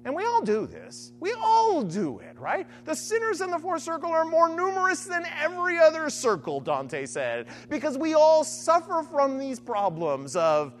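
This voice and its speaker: Brief: lively, animated preacher, bouncing pitch, quiet hum behind, keeps tagging "right?". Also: normal speed, few pauses. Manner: acts out imagined voices. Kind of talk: sermon-style Bible teaching.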